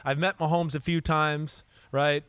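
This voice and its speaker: A man from northern New Jersey co-hosts a football podcast in loose, casual chat. He talks loud and excitable and laughs often. His voice is smooth and clear, recorded dry and close. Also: a little high, unhurried, no echo. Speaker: co-host, former quarterback.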